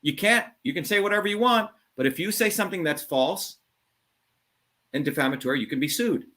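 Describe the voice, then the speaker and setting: Blunt, combative middle-aged man, slightly high. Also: animated, a little fast, fairly bright tone. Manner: blunt, combative, swearing, emphatic. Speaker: show host. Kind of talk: heated call-in monologue.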